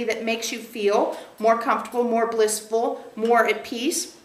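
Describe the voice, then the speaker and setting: A woman's voice: on the high side, a little slow, a bit bright. A woman channeler giving an emphatic teaching to a small group, stressing points by repeating them. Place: meeting room with a group of listeners. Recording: roomy echo.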